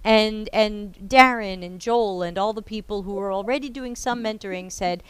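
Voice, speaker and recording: A woman hosting a podcast, talking about mentoring in an earnest, heartfelt and expressive way. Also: medium pitch, normal speed, smooth, dry recording. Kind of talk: casual podcast conversation.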